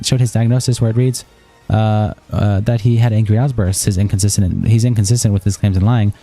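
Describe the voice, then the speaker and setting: A man on a live stream, reading a written statement aloud in a rapid, flat way, stumbling and restarting now and then. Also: mid-range voice.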